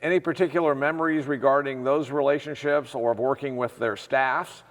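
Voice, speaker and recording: A man interviewing a former official for an oral history project, asking measured questions with hesitant restarts. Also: mid-range voice, fairly even intonation. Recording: hall reverb.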